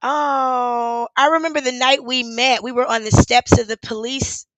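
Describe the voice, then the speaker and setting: A woman's voice: a little high, creaky, sharp tone, no room sound, low-quality recording. A woman hosting a casual live stream as an activist, talking candidly and emotionally, swearing freely and laughing often. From Charlotte, USA. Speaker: livestream host and activist.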